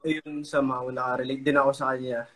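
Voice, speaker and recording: A young man, a guest on a phone live stream, talking in a relaxed way and laughing easily. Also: mid-range voice, fast talker. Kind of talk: casual chat.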